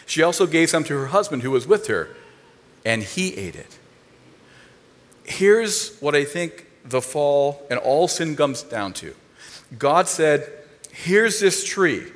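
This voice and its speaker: A man preaching a sermon, animated and given to jokes, telling the story with rising and falling emphasis. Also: a little high, slow, in a large hall. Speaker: pastor.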